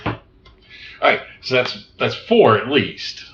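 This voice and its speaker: A man co-hosting a casual film review podcast, animated and laughing often as he acts out scenes. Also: medium pitch, slow. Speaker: podcast co-host. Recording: echoey room, dull lo-fi sound.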